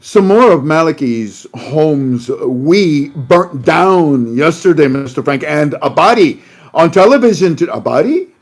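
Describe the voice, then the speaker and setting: A man hosting an online talk show, teasing an imagined listener with mocking banter and swinging between loud emphatic lines and low muttered asides. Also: lively intonation, measured pace. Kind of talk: casual monologue.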